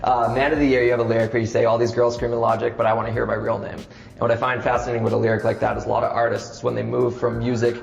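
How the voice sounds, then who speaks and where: A man's voice: mid-range voice, level tone, very fast, gravelly, a little hiss or hum. A man interviewing a guest, eager and fan-like, often bringing up favorite lyrics. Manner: enthusiastic fan, quotes lyrics. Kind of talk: casual interview. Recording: roomy echo.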